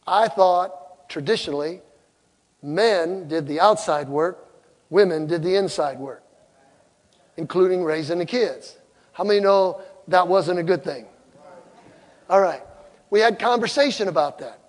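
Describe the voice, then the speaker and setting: A man's voice: high-pitched, unhurried, pauses often, in a large hall, poor audio. A middle-aged man preaching a sermon, telling personal stories with emphasis and asking his listeners questions. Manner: emphatic storytelling, asks the crowd questions.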